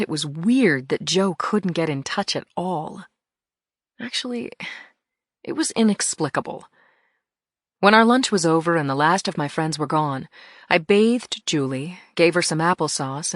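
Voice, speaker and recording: Lower-voiced woman narrating an audiobook, dry. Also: dry recording. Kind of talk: first-person audiobook narration.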